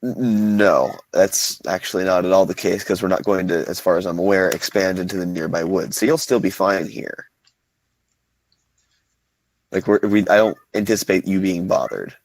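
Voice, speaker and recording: A man's voice: low-pitched, moderate pace, poor audio. A man playing a tabletop game in character, hesitant and rambling with many restarts. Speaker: player.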